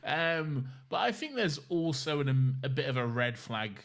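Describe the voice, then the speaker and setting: Guy co-hosting a podcast, laid back and giggly, voice bounces around a lot. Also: mid-range voice. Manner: relaxed, giggly, drawn-out phrases. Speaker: podcast co-host. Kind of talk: casual chat.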